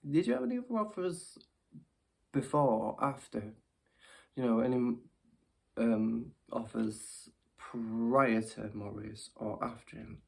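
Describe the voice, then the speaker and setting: A woman, performing as a ventriloquist who gently teases her puppet and often stumbles over her words. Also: extremely low pitch, expressive, takes it slowly, creaky, husky. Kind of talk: ventriloquist comedy act, talking to a puppet.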